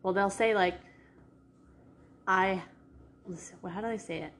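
This New England vlogger's voice is medium-pitched, steady, unhurried and a bit bright, with slight background noise. She rambles through a casual chat in a rented house, full of restarts and fillers.

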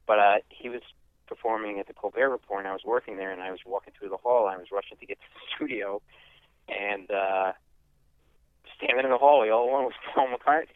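A man who is a comedian, telling a story in a lively way and acting out voices as he goes. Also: lowish voice, brisk, smooth, no echo. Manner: lively, acts out voices in his stories. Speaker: comedian and podcast host, guest. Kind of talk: animated comic storytelling. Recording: tinny phone-like line.

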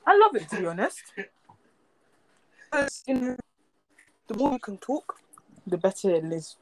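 A young woman chats loosely on her podcast and drifts from story to story. Her voice sits a little high, and her talk is jokey and wandering. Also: sing-song, unhurried. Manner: rambling, jokey, loses her train of thought. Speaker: podcast co-host. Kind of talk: casual chat.

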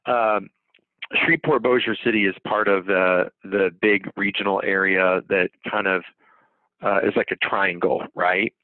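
A man's voice: low voice, fairly even intonation, measured pace. A man with a drawl rambles through folksy stories and asides. His voice comes through thin and tinny, like a phone line. The sound is dry, with no room echo. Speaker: podcast co-host. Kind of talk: casual podcast chat.

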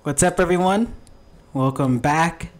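A young man hosting a casual podcast, explaining at a relaxed pace with lots of fillers. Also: on the high side, measured pace, soft background music. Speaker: podcast host.

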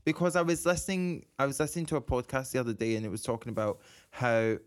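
A man in casual podcast chat who circles around his point, restarting sentences and giggling. His voice sits at a middling pitch. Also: fairly even intonation, quick pace. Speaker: podcast co-host.

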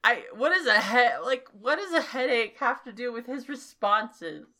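A woman's voice: fairly high pitch, animated, moderate pace, bright, forceful tone. A woman co-hosting a podcast, reading a fanfic aloud and breaking off with giggly, incredulous asides. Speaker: podcast co-host.

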